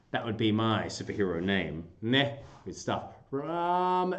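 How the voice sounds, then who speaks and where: Goofy high-swinging man, echoey room. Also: lively intonation, slow pace, fairly bright tone. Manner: playful, goofy, jumps into high squeaky bursts. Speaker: livestream host. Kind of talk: casual livestream chat answering viewers.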